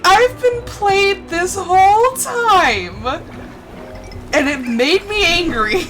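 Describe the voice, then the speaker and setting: A young woman streams a game over clear background music, with a high voice that swoops up and down. She chats casually, laughs a lot and plays out her own reactions as she tells a story. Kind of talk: casual gameplay chat.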